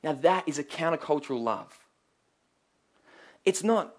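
Aussie guy preaching, earnest and emphatic, kinda higher voice. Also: expressive, unhurried, pauses often, breathy edge. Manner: earnest, emphatic storytelling with rhetorical questions. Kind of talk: sermon.

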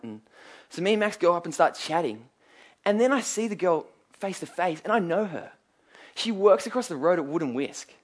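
A man preaching a sermon, earnest and emphatic, telling stories and asking rhetorical questions. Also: a little high.

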